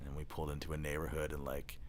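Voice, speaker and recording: A man's voice: very deep voice, monotone, fast, a little hiss or hum. A young man hosting a casual podcast chat, rambling through stories and acting out the people in them. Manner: rambling storyteller, acts out quoted people. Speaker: podcast host.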